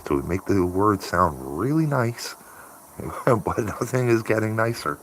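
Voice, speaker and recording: A man's voice: on the low side, lively intonation, measured pace, a little hiss or hum. A man chatting casually on a morning live stream, rambling and laughing often. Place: home by a window.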